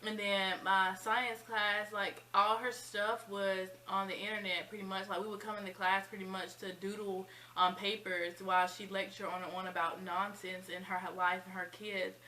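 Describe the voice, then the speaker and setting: A woman in her twenties telling a personal story in a chatty, animated vlog style. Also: medium pitch, normal speed, few pauses, slight background noise, rough recording. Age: 20s. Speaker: vlogger. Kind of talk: casual storytime.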